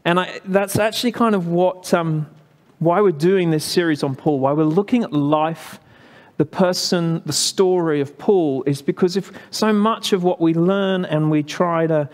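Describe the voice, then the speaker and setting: English male pastor, fairly high voice, chatty and halting, long hall reverb. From England. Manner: chatty, halting storytelling with many fillers. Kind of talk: sermon.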